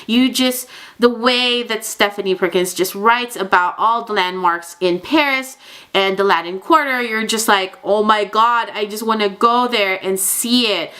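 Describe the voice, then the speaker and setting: A woman's voice: mid-range voice, a little slow, bright, forceful tone, smooth. A young woman chatting in a casual book review vlog, gushing and chatty with lots of fillers.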